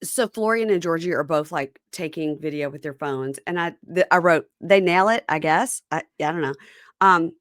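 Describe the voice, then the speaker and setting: A woman's voice: deep voice, normal speed, a bit bright, no echo, clean studio sound. A woman co-hosting a podcast, casually retelling scenes and acting out the quotes. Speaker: podcast co-host. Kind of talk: casual recap chat.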